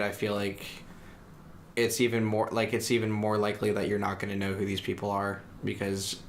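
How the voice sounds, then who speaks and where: A man's voice: lowish voice, fairly bright tone, a little hiss or hum. A young man co-hosting a podcast, musing in casual, rambling, thoughtful sentences. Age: young adult. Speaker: podcast co-host. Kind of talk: casual reflective chat.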